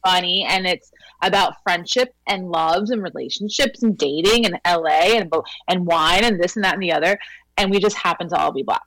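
A woman with a New York Latina accent talks in a relaxed, chatty way as a podcast guest, laughing easily and filling her speech with likes and you-knows. Her voice sits a little low. The sound is dry and close, with no room around it. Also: fairly quick, dry recording, low-quality recording. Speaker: actress guest. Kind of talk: casual podcast conversation.

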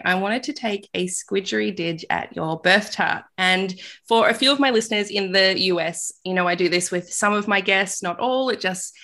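A woman's voice: medium pitch, pushed and bright. An Australian woman hosting a podcast interview, bubbly and giggly, chatting casually with her guest. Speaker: podcast host.

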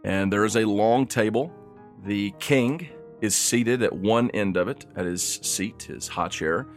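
A man narrating as game master of a tabletop game, describing scenes in a relaxed, rambling way. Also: lowish voice, a little slow, soft background music. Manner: relaxed, rambling, laughs easily.

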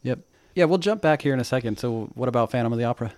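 A man co-hosting a podcast, telling travel stories in a relaxed, chatty way and correcting himself as he goes. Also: medium pitch, rapid-fire, no echo. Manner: relaxed storytelling with small self-corrections. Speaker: podcast co-host. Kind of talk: casual chat.

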